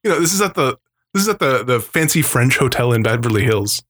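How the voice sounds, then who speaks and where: A man's voice: mid-range voice, lively intonation, fast talker, a bit bright, breathy edge. A man co-hosting a podcast, telling stories in casual chat with a rambling, laughing manner and acting out the voices of people he quotes. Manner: rambling storyteller who acts out quoted voices; laughs often between remarks. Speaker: podcast co-host.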